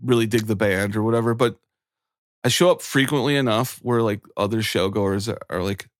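Man, forties, very low pitch, casual chat, rambling, earnest, filler-heavy. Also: fairly quick, no room sound, studio quality. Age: 40s. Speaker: guest.

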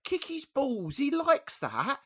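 A British man putting on a chirpy little old lady, her voice high and sing-song, cooing pet names in a bouncy, swooping lilt. The put-on voice sits far above a man's speaking range. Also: wildly swooping pitch, slow, heavily acted. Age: older.

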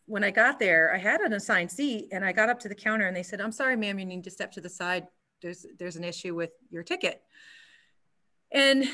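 In a casual interview, a woman yoga instructor tells a story. Her mid-range voice is chatty and animated, with many restarts.

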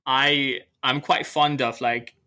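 A young adult man, a guest author in a casual podcast chat, talking quickly and animatedly and laughing often. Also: mid-range voice, little pitch movement, sharp tone.

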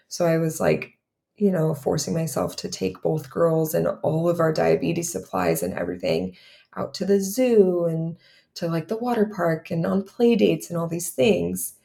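A woman in her thirties tells her own story on a podcast, candid and rambling, stringing thoughts together with "like." Her voice sits low and carries a strong gravelly fry throughout. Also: warm tone. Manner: candid, run-on telling with many "like"s. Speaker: podcast co-host.

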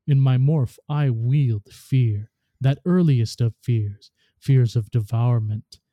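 A man reading aloud as a grim woman who has become a dark queen, in a steady, grave way. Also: medium pitch, slow, no echo, lo-fi sound, close to an everyday voice. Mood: grim, defiant.

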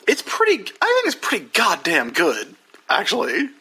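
Excitable man with a high, bright voice. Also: normal speed, creaky, breathy edge. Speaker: podcast co-host. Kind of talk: casual snack-review chat.

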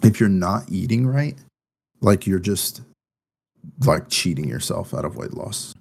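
A man's voice: low voice, lively intonation, measured pace, gravelly, a little mellow, slightly rough. A man co-hosting a podcast in casual chat, talking in a loose, rambling way full of fillers, anxious about his first baby. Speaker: podcast co-host.

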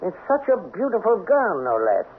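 An actor playing a suspicious, imperious count in a 1970s radio drama, blustering and sarcastic. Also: male voice, high voice, huge pitch swings, moderate pace, husky, exaggerated voice. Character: suspicious, imperious nobleman husband. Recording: tinny old radio broadcast.

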